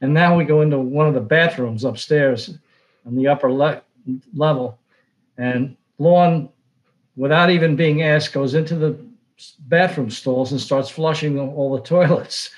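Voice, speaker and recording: An older sportswriter, telling rambling anecdotes full of fillers and restarts. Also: male voice, a little high, measured pace, low-quality recording. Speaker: sportswriter guest. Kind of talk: casual storytelling.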